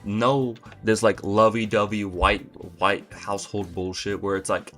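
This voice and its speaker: Exasperated young man ranting, low voice. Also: fairly even intonation, measured pace, hardly any pauses, fairly bright tone, soft background music. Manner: exasperated, incredulous, exaggerated outbursts. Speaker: comedy vlogger. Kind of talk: comedic rant to camera.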